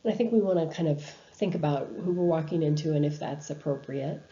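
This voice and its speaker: A woman's voice: sits low, fairly quick, mellow, muffled recording. A woman giving a recorded university lecture over slides, talking in a conversational way with frequent ums and restarts. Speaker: university instructor.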